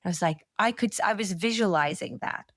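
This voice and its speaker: A woman, a manifestation coach speaking as a podcast guest, telling stories in a lively, blunt and encouraging way with lots of "like". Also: medium pitch, no room sound, studio quality. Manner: animated storyteller, quick asides with frequent "like". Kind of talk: casual podcast interview chat.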